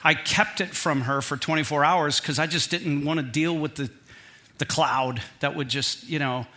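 Bright-voiced middle-aged preacher telling stories. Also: male voice, a little high, moderate pace. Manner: animated, self-deprecating, humorous storyteller. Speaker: pastor. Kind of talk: sermon with personal storytelling.

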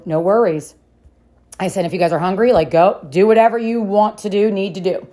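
Chatty woman telling a family story. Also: mid-range voice. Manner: animated, laughs often, acts out quoted voices. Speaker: parenting vlogger. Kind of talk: casual storytelling to camera.

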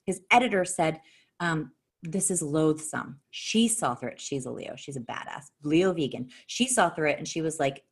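Woman, low-ish voice, swears freely, blunt and animated; casual podcast storytelling. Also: moderate pace, breathy edge. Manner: profane, blunt and emphatic; animated, with sharp jumps in pitch.

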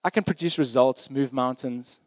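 A man's voice: medium pitch, normal speed, no room sound, lightly acted. A man voicing God as a patient, close presence talking casually to a weary prophet, in his own plain speaking voice. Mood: gentle. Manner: casual, paraphrasing in plain modern speech.

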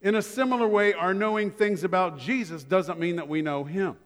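A man's voice: high-pitched, normal speed, big-room sound. A male pastor preaching a sermon in a conversational way, mixing humorous everyday stories into his points.

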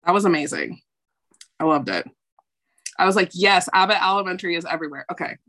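A woman co-hosting a podcast in casual chat, enthusiastic and quick to react. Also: lowish voice, expressive, fairly bright tone. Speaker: podcast co-host.

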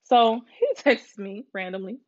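A woman's voice: mid-range voice, measured pace. A woman in her twenties hosting a podcast, telling a story in a casual, profanity-filled rant to her listeners. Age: 20s. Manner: profane, animated venting to listeners. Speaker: podcast host. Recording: slightly muffled with faint music.

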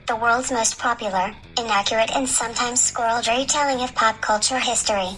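A woman's voice: fairly high pitch, steady tone, a little fast, pushed and bright, faint music behind, rough recording. A woman reading a scripted show intro in an upbeat promotional way. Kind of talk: scripted announcement.

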